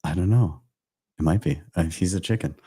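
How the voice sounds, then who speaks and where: Relaxed low-voiced male show host. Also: normal speed, husky, no room sound, studio quality. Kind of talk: casual livestream chat.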